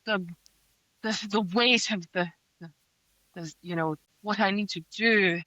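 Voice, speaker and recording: Woman parodying a sighing fae lord, melodramatic, self-pitying, bright tone. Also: medium pitch, a little slow, dry recording, dull audio. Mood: mock-tragic. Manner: sighing, melodramatic mock lament.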